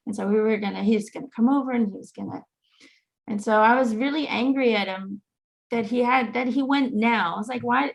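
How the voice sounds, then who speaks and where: A woman's voice: medium pitch, gravelly. A middle-aged woman hosting a casual, heartfelt chat, telling her story in an earnest, reflective way. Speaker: host.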